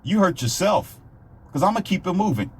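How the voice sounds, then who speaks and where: A man's voice: sits high, sing-song, moderate pace, slightly rough. A man delivering a blunt, emphatic monologue of relationship advice, hammering the same points again and again. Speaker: self-published author giving dating advice. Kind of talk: ranting monologue.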